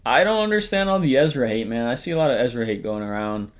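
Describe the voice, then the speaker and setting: A man's voice: medium pitch, animated, quick pace. A man hosting a casual tier-list ranking, talking in a rambling, jokey way, swearing often and sometimes trailing off into mumbles and whispers. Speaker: host.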